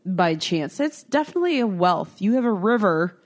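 A woman co-hosting a podcast, trading crude, teasing jokes and quick quips in casual banter. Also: medium pitch, sing-song. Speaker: podcast co-host.

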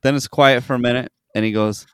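Animated storytelling young man, dry mic. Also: mid-range voice, fast talker, clear, resonant tone, dry recording. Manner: animated storytelling, swears freely, acts out quotes. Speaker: podcast host. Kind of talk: casual chat.

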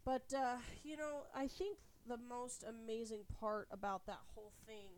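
Young cali mom podcasting while a bit sick, swears a lot, smooth clear voice, kinda high. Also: female voice, moderate pace. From California. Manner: candid, swears freely, animated retelling. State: a little sick, voice slightly off. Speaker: podcast host. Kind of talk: casual confessional storytelling.

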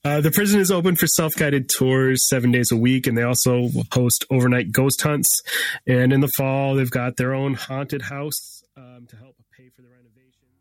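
A man hosting a podcast in casual chat, relaxed and loose with plenty of ums. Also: medium pitch, normal speed, no room sound. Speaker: podcast host.

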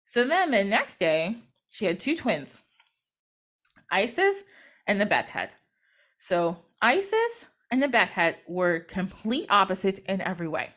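A podcast host retelling an old myth in a chatty, giggly style. Her voice is animated, jumping freely between highs and lows. She keeps it casual and bubbly. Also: unhurried. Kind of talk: casual storytelling.

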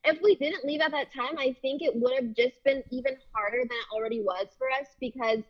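A woman's voice: sits high, brisk, highs cut off. A woman in casual chat, a reality show contestant who reassures her partner in an upbeat way. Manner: reassuring, upbeat, laughs easily.

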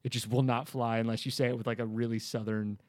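A man's voice: mid-range voice, quick pace, dry recording. Casual rambling man, dry close mic. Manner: relaxed, rambling, laughs often. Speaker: podcast host. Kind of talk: casual movie review chat.

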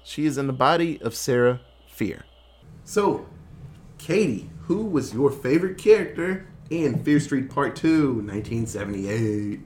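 A man's voice: mid-range voice, lively intonation, unhurried, darkish tone. A man hosting a casual movie review podcast, recapping the plot and asking the others questions. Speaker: podcast host. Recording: echoey room, faint noise.

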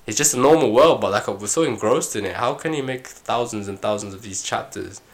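A young man, co-hosting a casual chat and telling long, animated, slangy stories. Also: fairly low pitch, fairly quick. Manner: animated, slangy, rambling storyteller. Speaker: podcast co-host.

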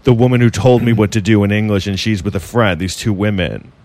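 A man's voice: fairly low pitch, fairly quick, a little mellow. Rambling, profane man telling a story. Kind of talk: casual podcast chat.

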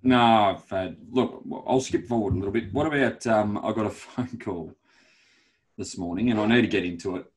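A man's voice: lowish voice, moderate pace. An Australian man co-hosting a casual podcast, teasing and laughing as he tells stories. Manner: laughs a lot, teasing storyteller. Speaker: podcast co-host. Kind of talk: casual chat.

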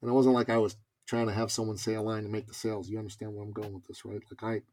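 Racing along in a lowish voice, a man who coaches businesspeople tells a story as a guest in a conversational interview, sprinkling in casual fillers and lively asides.

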